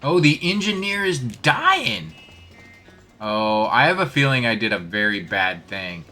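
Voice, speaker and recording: A man's voice: mid-range voice, big pitch swings, a little slow, bright, forceful tone, faint music behind. Chatty man streaming a game. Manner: self-deprecating, chatty, greets chat. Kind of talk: casual gameplay commentary.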